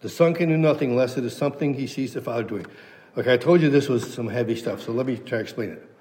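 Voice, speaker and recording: A man's voice: medium pitch, quick pace, a little mellow, in a large hall. A man preaching an expository sermon who teaches verse by verse and stresses key phrases through repetition. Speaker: pastor.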